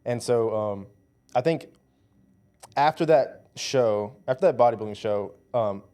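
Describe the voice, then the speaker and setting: A man in his twenties, a powerlifter guest in a casual conversation, telling his story in an animated way, full of "like" and "dude". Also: mid-range voice, unhurried. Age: 20s.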